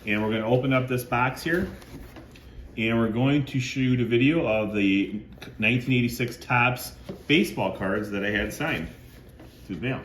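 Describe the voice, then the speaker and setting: A man's voice: medium pitch, normal speed. A middle-aged man who collects cards, hosting a casual show-and-tell video. He reads items off one by one in a plain, conversational way. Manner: lists items plainly, bursts into loud woohoo cheers. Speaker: card collector and channel host. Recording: echoey room with faint ambient noise.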